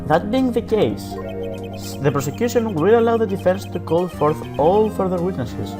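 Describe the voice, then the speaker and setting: A man's voice: high voice, lively intonation, moderate pace. A man doing a cool, formal prosecutor. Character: cool, composed male prosecutor. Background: background game music.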